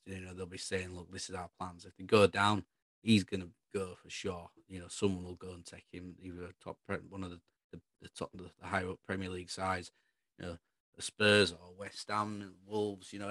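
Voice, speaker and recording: A man's voice: low-pitched, flat delivery, a little fast, fairly bright tone, dry recording. A man co-hosting a football podcast, chatting casually in a rambling, opinionated way.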